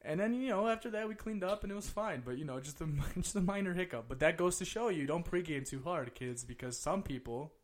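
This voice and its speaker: Young man, fast and loose, swearing co-host telling a party story. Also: sits high, animated. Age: 20s. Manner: rowdy, profane, laughing often. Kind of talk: casual storytelling chat.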